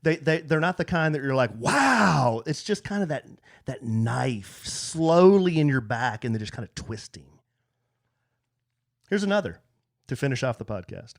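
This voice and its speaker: Animated storytelling man in his forties. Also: medium pitch, normal speed. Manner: animated anecdote-teller. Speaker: podcast co-host. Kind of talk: casual chat, storytelling.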